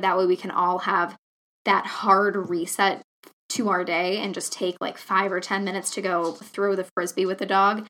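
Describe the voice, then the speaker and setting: A woman's voice: medium pitch, a bit bright. Earnest chatty woman podcaster. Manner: earnest, chatty, lots of fillers like "you know". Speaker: podcast host. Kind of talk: casual solo podcast talk.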